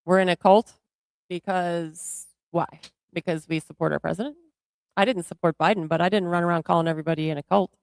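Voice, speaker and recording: A woman's voice: on the low side, steady tone, brisk, no room sound. A woman co-hosting a livestream in casual political chat, bluntly answering chat comments. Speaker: co-host of a livestream.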